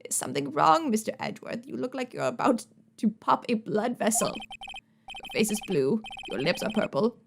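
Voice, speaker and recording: A woman's voice: a little high, big pitch swings, normal speed, creaky, noisy background. A woman co-hosting a let's play, reading game dialogue aloud with playful, jokey asides.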